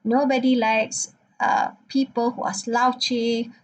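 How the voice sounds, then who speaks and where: A woman's voice: fairly high pitch, flat delivery, takes it slowly, poor audio. A woman lecturer talking through her slides and checking in with "okay" again and again. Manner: frequent "okay" check-ins, non-native phrasing.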